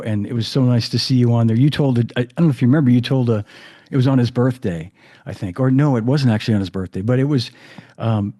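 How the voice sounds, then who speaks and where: Male podcast host, effusive, chatty, mellow dark tone, medium pitch. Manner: warm, effusive, chatty with fillers. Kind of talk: casual interview chat.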